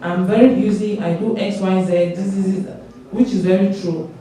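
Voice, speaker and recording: A woman's voice: mid-range voice, steady tone, normal speed, dark tone. A young woman giving a church testimony, telling her story earnestly and acting out her conversations with God. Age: young adult. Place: large church hall. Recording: echoey church hall from far off.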